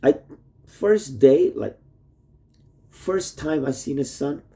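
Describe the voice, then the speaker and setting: A man with a warm, mid-range voice and some vocal fry talks expressively and slowly in a rambling video message to his wife. Recorded at home in a messy rented room on a nearby plugged-in phone, it's full of heavy swearing and constant topic jumps.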